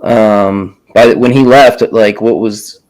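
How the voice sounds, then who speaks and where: A young man hosting a relaxed casual chat, talking loosely with a lot of um and you know. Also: lowish voice, slow, low-quality recording. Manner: relaxed, many fillers and restarts.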